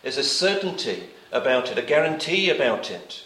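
Preaching with a very animated, medium-pitched voice, a man reads antique scripture phrasing to his congregation and repeats each point for emphasis. He speaks at normal speed, hardly pausing, his bright, clear tone echoing through the church hall. Many of his lines fade into a soft, quiet ending.

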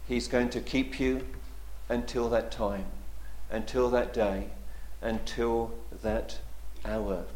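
A male preacher delivering a sermon, swinging between loud emphatic declarations and quiet, drawn-out endings. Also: on the high side, roomy sound.

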